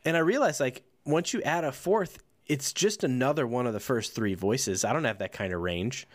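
A man's voice: medium pitch, normal speed, no echo, studio quality. A man co-hosting a comedy podcast, telling rambling, easygoing stories between jokes. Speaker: podcast co-host.

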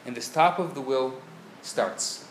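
A man, a rabbi, telling a story in a live lecture, swinging from hushed tones to loud bursts. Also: mid-range voice, measured pace, slight background noise. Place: synagogue lecture hall, live audience. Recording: echoey live room with faint ambience.

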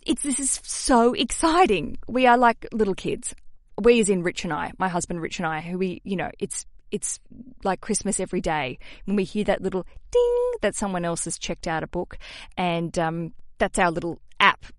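Young adult woman, podcast host; lively, chatty delivery, dry booth sound. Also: fairly low pitch, moderate pace, no echo. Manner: chatty, animated, self-deprecating asides. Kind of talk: casual podcast talk.

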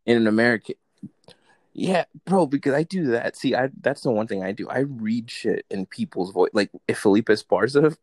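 A man's voice: mid-range voice, animated, moderate pace, a little mellow, no room sound. A man talking as a guest on a podcast in casual, rambling chat, full of "like" and "bro" and swearing. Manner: rambling, laid-back, swears, says like and bro.

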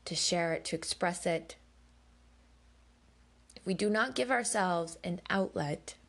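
Slow, candid woman podcast host. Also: fairly low pitch, creaky, a bit bright. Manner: emphatic, candid, swears when heated; slow and deliberate. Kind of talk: personal storytelling monologue.

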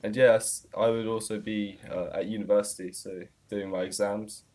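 A young man, a student guest chatting casually, relaxed and self-deprecating. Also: lowish voice, normal speed. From Surrey, England. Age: young adult. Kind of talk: casual interview chat.

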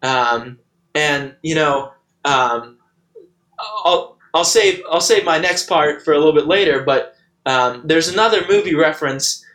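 A man with a fairly high voice talks over a film he loves, and he often stops for an "um" or an "uh". He speaks in a relaxed, earnest way. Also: rough recording. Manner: halting, frequent "um" and "uh". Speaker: podcast co-host, former baseball player. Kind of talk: casual movie discussion.

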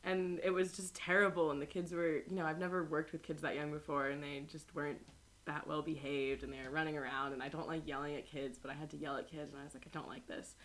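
A woman's voice: deep voice, fast talker. A young woman in casual chat with friends, telling a long story with lots of laughs and acted-out quotes. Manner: laughs often, animated storytelling with voiced quotes.

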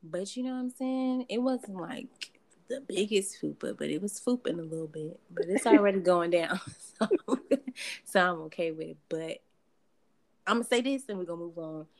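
A woman's voice: on the low side, normal speed, a little mellow. Laughing, goofy woman podcast host. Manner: laughs often, swears freely, goofy. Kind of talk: casual chat.

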